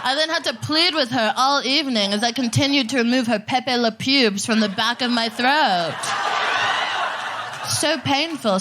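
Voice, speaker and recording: A woman's voice: a little high, noisy background. A woman performing a brash, rowdy live stand-up comedy set on a festival stage. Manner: brash, rowdy, punchy delivery.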